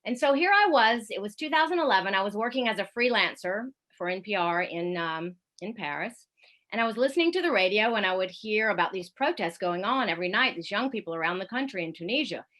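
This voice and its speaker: Woman, radio correspondent, bright storyteller on a video call, chatty with fillers. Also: mid-range voice, fast. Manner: lively anecdotal storytelling with fillers. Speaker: radio correspondent giving a talk. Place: home in Paris, at night.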